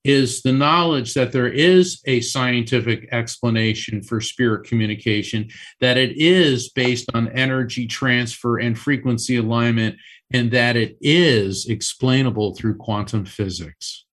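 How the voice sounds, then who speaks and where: A man who is a psychic medium and author, telling a personal story as a guest on a radio interview, animated and full of restarts. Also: medium pitch, measured pace.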